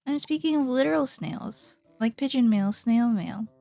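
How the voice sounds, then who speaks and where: A woman's voice: sits high, normal speed, vocal fry, warm tone, no room sound, faint music behind. A woman streaming while she draws, chatting casually and playfully with her chat, rambling, laughing often and swearing now and then.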